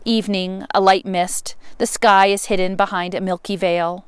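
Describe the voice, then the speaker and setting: A woman reading a novel aloud, expressive, with sudden rises and emphatic words. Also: medium pitch, moderate pace, clean tone, dry recording. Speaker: reader.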